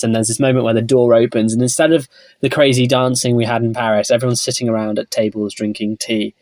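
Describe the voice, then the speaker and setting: A man co-hosting a podcast, chatting casually and retelling scenes with a wry, measured manner. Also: medium pitch, fairly even intonation, a little mellow, no echo. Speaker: podcast co-host. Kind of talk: casual chat recapping a TV series.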